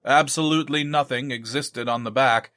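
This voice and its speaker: A man reading a novel aloud in measured scripted narration. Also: medium pitch, steady tone, fairly bright tone, no room sound. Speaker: audiobook narrator.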